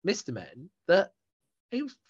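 A man's voice: high voice, wildly swooping pitch, measured pace, breathy edge. A man, a stand-up comedian chatting casually on a podcast and telling rambling, self-mocking stories. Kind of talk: casual chat between comedians. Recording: dull lo-fi sound.

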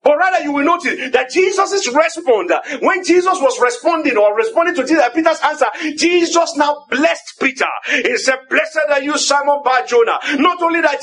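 A man with a Nigerian accent and a very high voice preaches a sermon, firing off rhetorical questions again and again and rising to emphatic shouts on key phrases.

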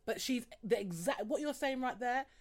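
A woman hosts a casual podcast with a somewhat high voice that swoops widely as she talks. She teases her guests and laughs easily between lines. The delivery stays loose and chatty. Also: moderate pace. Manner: lively, laughing, teasing. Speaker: podcast host. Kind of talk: casual chat.

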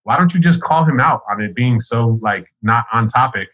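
A man's voice: medium pitch, animated, normal speed, a bit bright, rough recording. A man telling a rambling, profane story in a casual chat, laughing often as he goes.

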